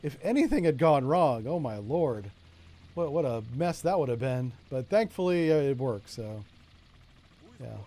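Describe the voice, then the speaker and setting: A man's voice: mid-range voice, sing-song, unhurried, dark tone. A middle-aged man from Florida with a Florida accent, chatting and joking with viewers while commentating on a naval strategy game. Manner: chatty, joking asides, talks to chat. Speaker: streamer. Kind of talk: casual gameplay commentary.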